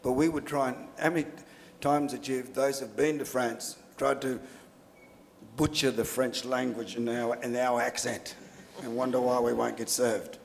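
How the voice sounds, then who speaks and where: A man's voice: medium pitch, flat delivery, normal speed, creaky, slight background noise. A man with an Australian accent, speaking bluntly and emphatically on a forum panel, telling stories with dry humor. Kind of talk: panel discussion. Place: lecture hall at a public forum. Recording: reverberant lecture hall.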